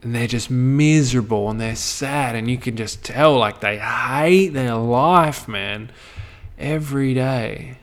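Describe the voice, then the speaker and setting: A man's voice: medium pitch, takes it slowly. A young Australian man talking straight to camera in a loose, rambling monologue, swearing freely and often trailing off mid-thought. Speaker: vlogger.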